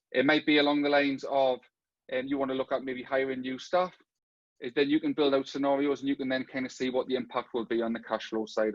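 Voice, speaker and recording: A man with a Geordie accent rattles through a software pitch at speed, leaning on "kind of" and "on there". His voice sits at a middling pitch. The audio is dry and a little dull, like a lo-fi video call. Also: no echo. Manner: rapid, filler-laden pitch with "kind of". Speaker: software company presenter. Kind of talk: webinar product presentation.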